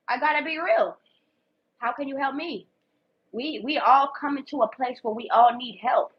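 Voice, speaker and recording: A woman's voice: sits high, normal speed. A woman doing a casual tarot reading for viewers, talking bluntly with lots of swearing and repetition. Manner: blunt, profane and emphatic, repeats herself. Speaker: tarot reader. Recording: dull lo-fi sound.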